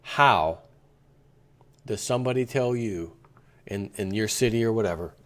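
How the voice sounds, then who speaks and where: A man's voice: fairly low pitch, a little slow, fairly bright tone. Indignant rambling male vlogger. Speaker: vlogger host. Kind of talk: opinion commentary vlog.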